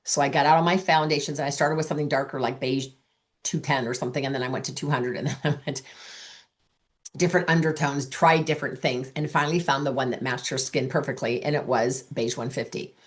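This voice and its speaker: Middle-aged woman, very low voice, chatty coach who acts out quoted conversations. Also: fairly even intonation, fast talker. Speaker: sales coach. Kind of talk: coaching talk with anecdotes.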